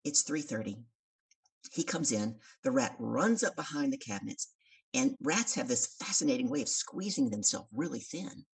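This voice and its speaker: A woman, a business coach and podcast guest, telling a story in an animated way and acting out the voices of the people in it. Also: a bass voice, moderate pace, creaky, slightly rough, far from the mic.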